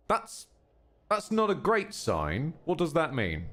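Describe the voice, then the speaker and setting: Lively, wry man streaming. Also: a little high, slow pace. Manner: chatty, wry, self-mocking, thanks chat. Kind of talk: casual live-stream chat.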